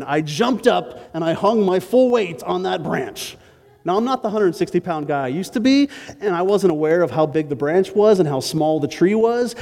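A pastor preaching a sermon, telling a personal story with self-mocking asides to the congregation. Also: male voice, high voice, a little mellow, long reverb tail.

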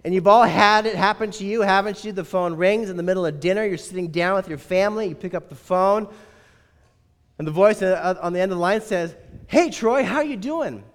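A male pastor with a high, steady voice delivers a sermon at a brisk clip. His manner is conversational and wry, and he often poses rhetorical questions. The recording carries the echo of a reverberant hall.

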